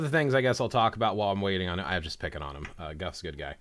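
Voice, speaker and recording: Male livestream host, lowish voice, chatty and opinionated. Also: animated, very fast, few pauses. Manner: opinionated, conversational, teasing. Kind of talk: casual livestream discussion.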